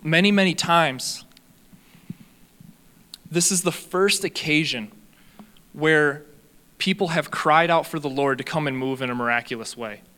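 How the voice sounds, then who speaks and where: A man's voice: fairly high pitch, a little slow, long pauses, bright, forceful tone. A young man preaching a sermon in an earnest way, teaching on faith and healing. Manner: earnest, reads a long testimony aloud.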